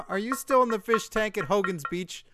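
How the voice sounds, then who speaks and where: A man co-hosting a comedy podcast, teasing and laughing often in casual banter. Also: high voice. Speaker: podcast co-host.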